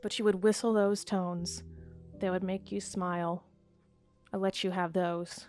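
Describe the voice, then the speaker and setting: A woman's voice: fairly low pitch, level tone, unhurried, darkish tone, faint music behind, close to an everyday voice. A bitter, grieving ghostly voice, as a woman reads it. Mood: bitter sorrow. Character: bitter, grieving disembodied voice from a book.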